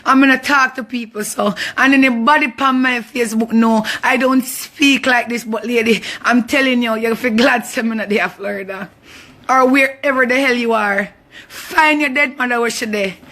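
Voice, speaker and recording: A woman's voice: fairly high pitch, bright, forceful tone. A Jamaican woman in her thirties, speaking out in a fierce, indignant social media rant. She is emotional and near tears, and repeats her lines for emphasis. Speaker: abuse survivor speaking out.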